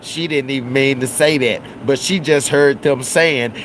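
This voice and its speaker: A man's voice: medium pitch, background noise. A man giving casual live commentary, drawling and acting out other people's words in raised voices. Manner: slow, drawling, acts out quotes in raised voices. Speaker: livestream commentator.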